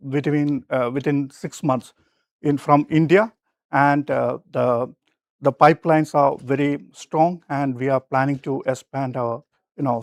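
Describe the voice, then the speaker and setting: A man whose first language is not English, giving a short, hesitant business pitch full of fillers as sales and IT manager. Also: no echo, clean studio sound. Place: festival lab presentation.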